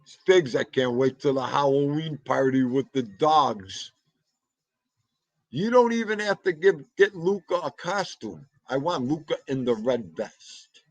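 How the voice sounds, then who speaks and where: New York male host, husky, slow easygoing delivery, lively pitch swings, dry close mic, reading chat names. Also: no room sound, dull audio. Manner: chatty, shouts out viewers by name, jokey. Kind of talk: casual livestream chat.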